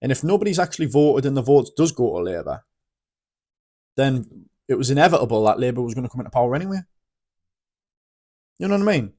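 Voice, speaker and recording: A man's voice: mid-range voice, big pitch swings, fast talker, pauses often, dark tone. A British man talking to camera in a casual opinion vlog, rambling and blunt, often restarting his sentences and swearing freely. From Britain. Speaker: vlogger.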